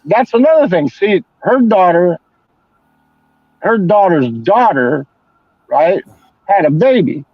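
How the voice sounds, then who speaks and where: A man's voice: high-pitched, very animated, slow, long pauses, no room sound. An older man chatting casually as a stream host, telling rambling, profane stories. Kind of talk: casual chat. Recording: dull lo-fi sound.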